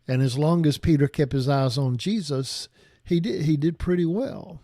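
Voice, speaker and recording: A man's voice: fairly high pitch, normal speed, warm tone, no room sound, studio quality. A man preaching a reflective sermon, thinking aloud with frequent restarts. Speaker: pastor.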